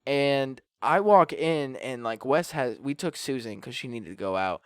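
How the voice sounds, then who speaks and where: A man's voice: mid-range voice, animated, measured pace, clear, resonant tone, dry recording, clean studio sound. A man chatting casually with friends, telling a story full of swearing, fillers and laughter. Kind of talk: casual chat.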